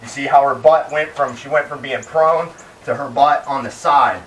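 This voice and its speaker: Guy training his dog outside, chill explaining then sharp sit commands, roomy and kinda far from the mic, faint background hum. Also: mid-range voice, moderate pace. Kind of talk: outdoor training demonstration. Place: outdoors in shade by a wall. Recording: roomy, distant outdoor sound, faint ambience.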